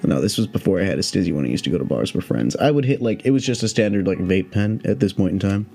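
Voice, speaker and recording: A man's voice: low voice, expressive, quick pace, vocal fry, warm tone. A man hosting a casual solo podcast, rambling and swearing, with lots of "like" fillers. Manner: rambling, profane, heavy on "like" fillers. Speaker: podcast host.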